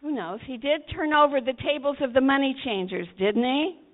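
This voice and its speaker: A woman preaching a sermon, retelling a story with dramatic swings between hushed and shouted passages. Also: high voice, lively intonation, fairly quick. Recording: tinny phone-like sound.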